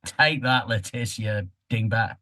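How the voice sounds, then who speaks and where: A man co-hosting a podcast in casual chat, teasing and animated, with the odd swear word. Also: lowish voice, takes it slowly, no echo, studio quality. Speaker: podcast co-host.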